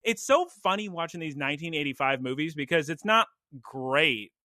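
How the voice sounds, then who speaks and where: A man co-hosting a casual podcast chat, rambling from one story to the next and acting out his own reactions with a laugh. His voice is bright and fairly high, recorded close and dry with no room around it. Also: lively intonation, normal speed, no echo. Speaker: podcast co-host.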